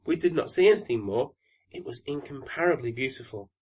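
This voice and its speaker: A man voicing a flock of chattering sparrows in a storybook reading, excited and boastful. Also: medium pitch, brisk, lightly acted. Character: chirping, know-it-all little sparrows.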